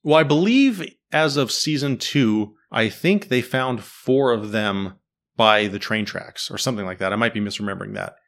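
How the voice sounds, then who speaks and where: A man's voice: fairly low pitch, moderate pace, a bit bright. A man in casual chat, animatedly breaking down a TV series and quizzing his co-host. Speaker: podcast host discussing a TV series.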